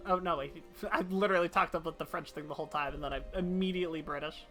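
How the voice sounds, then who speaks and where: A woman chats through a live gaming stream, reading lines aloud and cracking jokes. Her voice is bright and forward. She swears casually and drops into silly voices. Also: low voice, fast talker, hardly any pauses, faint music behind. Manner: reads game dialogue aloud in playful voices, swears casually.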